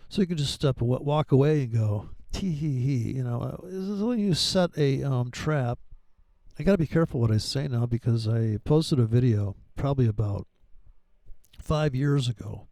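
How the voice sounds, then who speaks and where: A man's voice: medium pitch, animated, normal speed, warm tone, no room sound. A man giving casual trading commentary over his charts, rambling and profane, with sarcastic asides. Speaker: forex trading educator.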